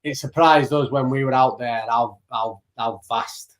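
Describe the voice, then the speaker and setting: A man's voice: mid-range voice, steady tone, unhurried. A man co-hosting a casual live stream chat on a video call, rambling and jokey. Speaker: co-host.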